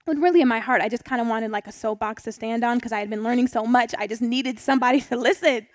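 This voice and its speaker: A woman's voice: on the high side, fast, no room sound. A young woman, chatty and full of ums, telling a personal faith story and leading a Bible study. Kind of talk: personal testimony and scripture reading.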